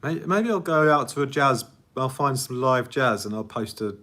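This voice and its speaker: A man's voice: mid-range voice, expressive, moderate pace, pushed and bright. A man, a music producer, answering viewer questions in a casual, rambling livestream chat and laughing often at himself. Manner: rambling, chatty, laughs often, self-deprecating.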